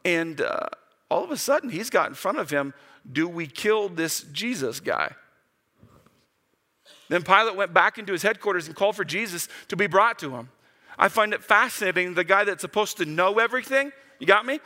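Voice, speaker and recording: A man preaching a sermon, talking casually and acting out the quotes with big swings in his voice. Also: quick pace. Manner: animated, acts out quotes with big pitch jumps. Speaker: pastor. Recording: long hall reverb.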